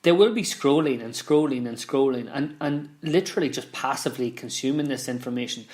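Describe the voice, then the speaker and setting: A man talks through a casual explainer at a mid pitch, stumbling over restarts and doubling up words as he thinks aloud. His voice bounces around a roomy space, giving it a hollow echo. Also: brisk, darkish tone. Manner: conversational, frequent restarts and repeated words. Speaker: business founder explaining marketing. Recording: roomy echoey room.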